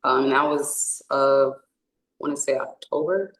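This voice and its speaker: A woman's voice: extremely low pitch, moderate pace, echoey room, slight background noise, poor audio. A young woman from California, a wrestler, answering interview questions casually and rambling with many fillers and restarts. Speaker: indie wrestler.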